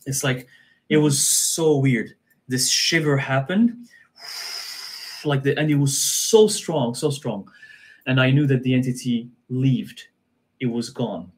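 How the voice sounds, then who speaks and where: A man's voice: medium pitch, takes it slowly, long pauses. A man, a guest on a live stream, telling a personal story in an earnest way, often repeating himself and restarting sentences.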